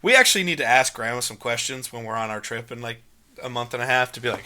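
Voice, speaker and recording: A young man co-hosting a casual movie podcast, talking in long, emphatic, animated runs. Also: mid-range voice, quick pace. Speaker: podcast co-host.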